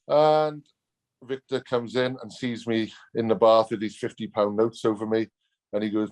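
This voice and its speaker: A man's voice: on the low side, fairly even intonation, fairly quick, a little mellow. Laughing Welsh man telling rugby tales. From Wales. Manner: laughing, blunt and colloquial. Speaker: guest, former rugby player. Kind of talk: casual storytelling.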